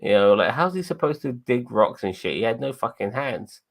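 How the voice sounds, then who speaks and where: A man's voice: medium pitch, big pitch swings, normal speed, creaky. A man hosting a casual review chat, rambling and swearing freely, with frequent restarts. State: tired and yawning. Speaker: podcast host.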